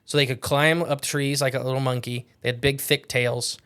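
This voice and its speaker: A man's voice: medium pitch, flat delivery, moderate pace, fairly bright tone, clean tone. Rambling male podcast co-host. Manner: rambling, self-correcting, jokey. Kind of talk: casual podcast chat.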